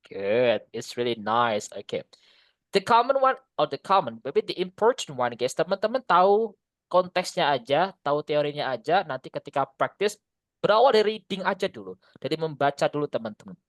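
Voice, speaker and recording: A woman teaching English with an Indonesian accent over a video call. Her voice sits low but swings widely in pitch as she drills phrases slowly and rhythmically. The sound is dry and close. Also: sing-song, no echo. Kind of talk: online class teaching.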